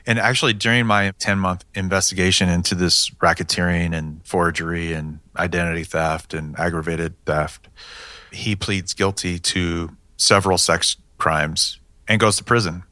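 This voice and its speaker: A man's voice: deep voice, steady tone, moderate pace, pushed and bright, dry recording. A man, a police detective, telling his case in a matter-of-fact way with dry humor. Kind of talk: storytelling interview answers.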